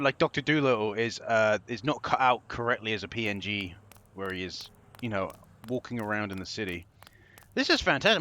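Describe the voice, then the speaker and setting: A man's voice: medium pitch, pushed and bright. A young man giving casual gameplay commentary, sarcastic and exasperated, swearing freely as he plays. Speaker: game commentator.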